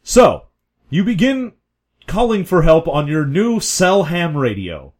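A man's voice: fairly high pitch, sing-song, slow pace. A man narrating a tabletop game as game master, playful and jokey.

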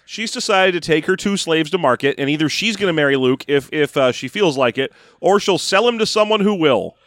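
A man's voice: a little high, expressive, fairly quick, fairly bright tone, dry recording. A man co-hosting a podcast, chatting casually with dry, sarcastic jokes. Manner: dry, joking, riffs sarcastically. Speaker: podcast co-host. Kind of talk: casual chat.

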